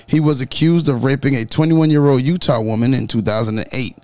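A man hosting a podcast, reading news stories in a lively, joking way. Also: mid-range voice, brisk, dry recording. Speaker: podcast host. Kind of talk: casual podcast news chat.

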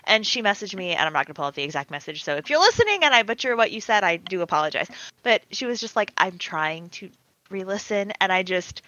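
Animated, bright-voiced woman co-host. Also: medium pitch, very fast, no echo, highs cut off. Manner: animated storytelling, acts out quoted voices. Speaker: podcast producer and co-host. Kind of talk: casual podcast chat.

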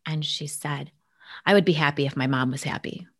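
Woman with a lowish voice, earnest and chatty, goes almost whispery on the soft bits. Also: moderate pace. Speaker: guest sharing a family story. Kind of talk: casual conversational storytelling.

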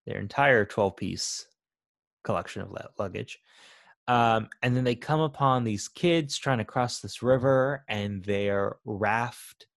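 A man's voice: on the low side, creaky, no room sound, clean studio sound. Eager man gushing about a movie. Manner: enthusiastic, animated when retelling scenes. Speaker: podcast co-host. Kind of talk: casual film discussion.

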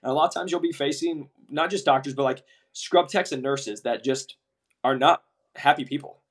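A young man in casual podcast chat with a medium-pitched voice, recounting work stories with energy. He slips into quoted voices and swears freely along the way. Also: normal speed. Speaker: medical device sales rep, podcast co-host.

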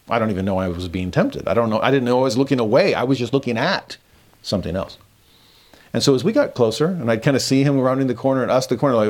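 A man teaching a scripture lesson, an animated storyteller who acts out his own thoughts, then turns earnest and quietly emphatic. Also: medium pitch, moderate pace. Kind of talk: recorded religious lesson.

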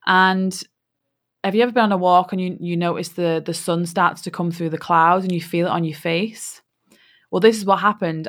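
A woman hosting a spiritual podcast, telling a personal story in a heartfelt way with many "you know" fillers. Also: on the low side. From England.

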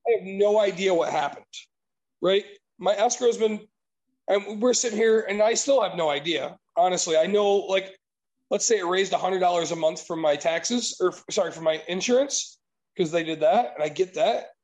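A man's voice: high-pitched, normal speed, a little mellow, poor audio. A man telling an exasperated, profanity-laced story in casual chat.

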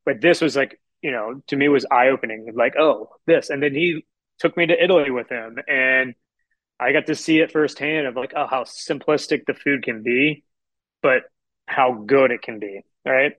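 A man's voice: mid-range voice, normal speed, no echo, muffled recording. Man from Houston, dry close sound. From Houston, Texas. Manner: rambling storyteller who acts out quotes. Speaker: chef and restaurant owner, guest. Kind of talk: casual podcast interview.

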